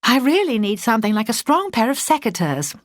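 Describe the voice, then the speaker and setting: A woman doing a brisk young boat skipper. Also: a little high, sing-song, dry recording, clean studio sound, pitched above the performer's own voice. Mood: urgent. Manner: brisk and decisive.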